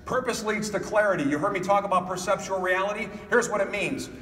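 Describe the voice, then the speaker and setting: A man's voice: high voice, fast talker. A man giving a motivational keynote speech at a conference, telling stories and speaking straight to the audience. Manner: animated storytelling, addressing the audience directly. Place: conference hall. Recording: echoey hall picked up from a distance.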